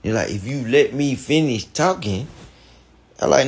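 A man telling a heated, profane story on a podcast, repeating himself and breaking into animated outbursts. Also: mid-range voice, moderate pace, breathy edge. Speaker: podcast guest.

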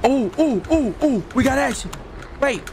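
A man's voice: very high voice, animated, moderate pace, darkish tone, a little hiss or hum. A young man streaming a horror game, jumpy and exclaiming as he talks to his chat. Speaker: gaming streamer. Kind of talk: live horror game commentary.

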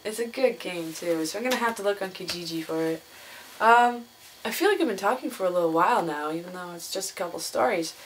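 Talking fast over slight background noise, a young woman chats to her camera in a casual vlog. She laughs a lot while telling stories and imitates others in a higher-pitched voice.

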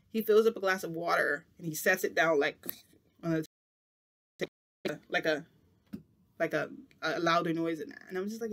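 A man with a high voice tells a story in a loose, casual vlog style. He rambles, restarts sentences and laughs as he goes, with an animated delivery. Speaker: vlogger.

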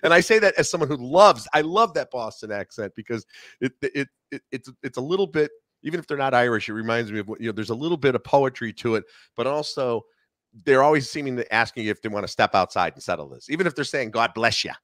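A man's voice: mid-range voice, fast, no room sound. Chicago-accented middle-aged man, dry close sound. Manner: chatty, animated storytelling with many asides. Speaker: guest film critic. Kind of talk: casual podcast conversation.

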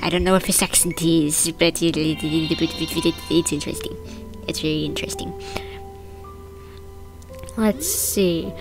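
A woman's voice: sits low, unhurried, long pauses, over music. A woman hosting a let's-play video, casually narrating her moves in a chatty, playful way. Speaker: gaming video host.

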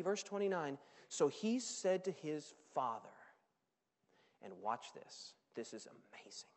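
Animated preacher in a big hall. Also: male voice, on the high side, unhurried. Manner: animated, dramatic storytelling. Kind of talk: sermon. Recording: long reverb of a large hall.

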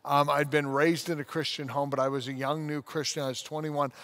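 A man's voice: a little high, little pitch movement, brisk, fairly bright tone. A man in his forties, a pastor, telling a personal story in a casual podcast conversation, acting out the scenes as he goes. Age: 40s.

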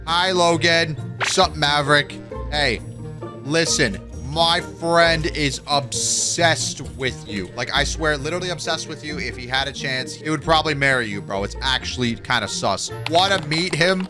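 A young man hosting a gameplay video, giving hyped, rapid-fire commentary. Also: a little high. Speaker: gaming YouTuber host. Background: background music.

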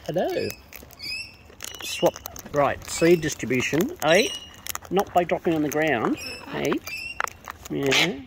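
With a low-pitched voice full of big pitch swings, vocal fry and long pauses, a woman talks slowly and playfully to the wild birds she's feeding. The vlogger coos and baby-talks, teasing them at an outdoor feeding spot, where noisy audio picks up chattering birds and clicks.

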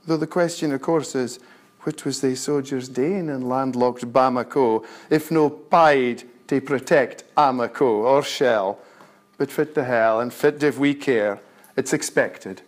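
A man with a North-East Scots accent reciting his poetry in a measured, deliberate way. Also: mid-range voice. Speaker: poet.

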